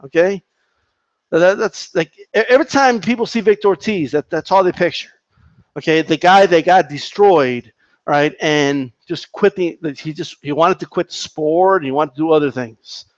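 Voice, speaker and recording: A man with a fairly high voice rants heatedly about boxing, swearing freely and circling back over the same points. He reacts to a live chat as he goes. The sound is dry and a bit dull, like a cheap home mic. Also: no room sound. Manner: profane, heated, repetitive. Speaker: boxing commentator reading chat. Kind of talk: casual live-stream rant.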